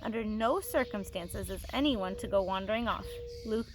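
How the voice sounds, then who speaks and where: A woman voicing a brisk adult schoolteacher, giving firm orders to children in a storybook reading. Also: mid-range voice, very noisy, lightly acted. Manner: firm, instructing.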